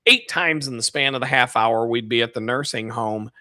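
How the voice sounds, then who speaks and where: A man's voice: mid-range voice, moderate pace, bright, forceful tone, dry recording, clean studio sound. A man on a live stream, ranting casually in a profane, rambling, mocking way. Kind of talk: casual rant.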